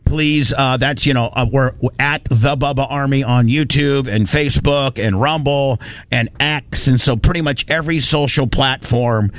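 A man hosting a talk radio show, telling a story in a lively, ranting way and swearing now and then, recorded in a studio. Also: medium pitch, moderate pace. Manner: animated storytelling, ranting, profane. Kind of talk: casual studio chat.

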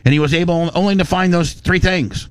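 A man's voice: high-pitched, fairly even intonation, a little fast, clean tone, no room sound. A man hosting a radio show in a broadcast studio, telling a story in a blunt, heated, rambling way with many restarts. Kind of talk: on-air storytelling rant. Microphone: studio microphone.

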